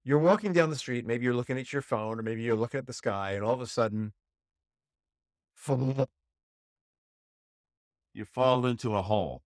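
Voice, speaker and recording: A man hosting a solo podcast as a relationship coach, telling a story and jumping high in pitch to act out inner voices. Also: moderate pace, long pauses, no room sound, studio quality.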